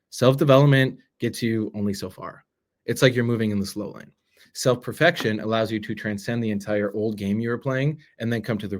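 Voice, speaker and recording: Speaking directly to the camera, a man with a lowish voice gives a motivational talk as a self-development coach. He is earnest and persuasive and often checks in with "right?".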